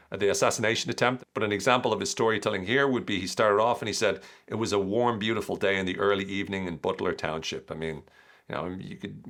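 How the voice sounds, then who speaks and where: A man's voice: lowish voice, fairly bright tone. Irish man breaking down political speeches. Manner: explanatory, reads quotes aloud then breaks them down. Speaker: podcast host. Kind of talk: analytical commentary.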